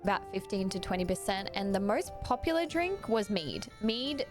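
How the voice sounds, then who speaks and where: A woman's voice: medium pitch, big pitch swings, normal speed, music in the background. An Australian woman streaming a game, chatty and giggly, talking casually over it. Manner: chatty, giggly, slips into silly voices. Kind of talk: casual gameplay commentary.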